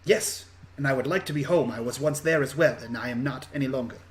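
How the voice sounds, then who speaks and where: A man's voice: medium pitch, quick pace, slight background noise, close to an everyday voice. A man voicing a haughty, demanding ten-year-old girl in a tabletop game. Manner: demanding, snippy.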